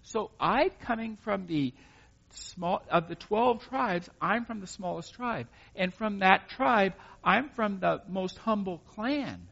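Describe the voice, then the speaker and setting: A man reading scripture aloud and explaining it in a relaxed, conversational way, thinking aloud as he goes. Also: sits high, slow pace, creaky. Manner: conversational, thinks aloud, plain-spoken asides. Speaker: Bible study teacher. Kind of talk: informal scripture reading and commentary. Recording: muffled recording with long hall reverb.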